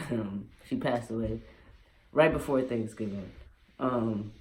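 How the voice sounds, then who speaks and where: A man's voice: medium pitch, takes it slowly. A young man vlogging at home, telling a personal story in a candid, emotional way with many fillers.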